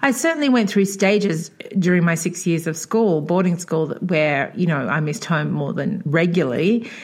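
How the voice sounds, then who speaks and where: A woman from Australia co-hosting a relaxed podcast conversation. Her voice sits a little low, and she talks in a chatty way, laughing often and lifting her voice when she quotes someone. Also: normal speed. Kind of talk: casual chat.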